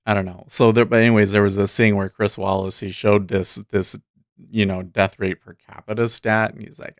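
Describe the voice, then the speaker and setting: A man's voice: lowish voice, little pitch movement, moderate pace, no echo. A man hosting a casual livestream, talking in a rambling, chatty way with frequent restarts, into a close desk mic. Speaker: host.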